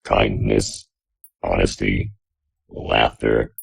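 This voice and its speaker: A man voicing a hovering robot orb, deep and mechanical, earnest and lecturing. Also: flat delivery, very slow, gravelly, husky, no echo, full character voice, low-quality recording. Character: Watcher speaking through a hovering robot orb.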